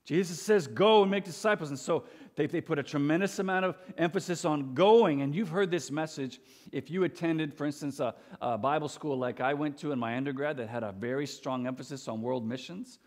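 A young male pastor preaches in an earnest, emphatic way, now and then stumbling over his first words. His voice sits a little on the higher side. It rings out with a long reverb in a church sanctuary. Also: brisk, darkish tone. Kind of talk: sermon.

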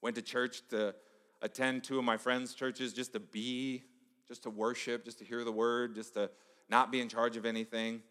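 A middle-aged male pastor giving a conversational, storytelling sermon, dropping to a hush for emphasis. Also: medium pitch, level tone, moderate pace. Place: church sanctuary. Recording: echoey church hall.

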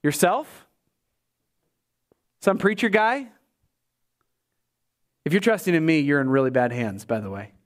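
A man with a notably high voice preaches in a church. His delivery swings between emphatic peaks and quiet low drops. He throws in wry jokes to the congregation. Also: unhurried, pauses often. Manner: lively preaching, rising to emphatic highs and dropping low; joking asides to the congregation. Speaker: pastor. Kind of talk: sermon.

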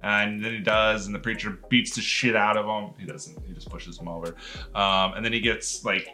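A man's voice: lowish voice, steady tone, moderate pace, sharp tone. A congested man casually recapping a movie on a podcast, rambling and swearing with bursts of laughter. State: congested sinuses. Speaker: podcast host.

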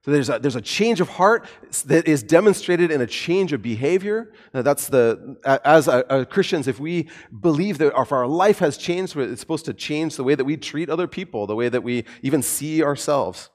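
A man preaching a sermon in a conversational, animated way with light humor. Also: a little high, normal speed, hardly any pauses. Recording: long hall reverb.

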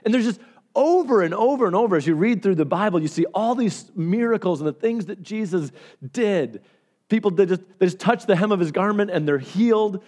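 A man preaching a sermon as pastor, telling stories with animated swings between loud and hushed delivery. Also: fairly high pitch, normal speed.

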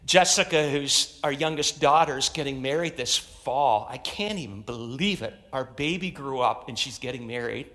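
A man's voice: medium pitch, normal speed, few pauses, sharp tone. A middle-aged man preaching a sermon as pastor, emphatic, repeating phrases and rallying his congregation. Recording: long reverb of a large hall.

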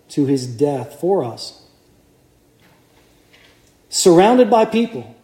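A man's voice: on the high side, warm tone, echoey room. A man preaching a sermon to a congregation in a conversational way, putting questions to his listeners. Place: church.

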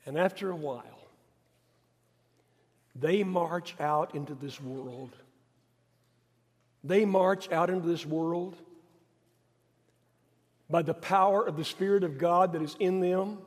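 A male pastor preaching a sermon in an emphatic, repetitive way, rising to stress points and then dropping quiet. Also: on the high side, takes it slowly, long pauses, big-room sound.

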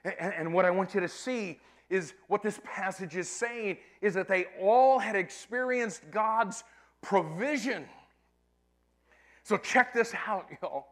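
A man's voice: high voice, a little slow, fairly bright tone. A man preaching a sermon, emphatic, often calling out to his congregation.

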